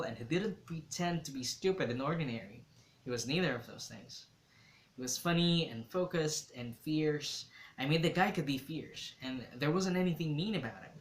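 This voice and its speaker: A man's voice: medium pitch, fairly bright tone. A man reading a novel aloud, telling the story in a reflective first-person way. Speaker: reader. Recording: roomy echo.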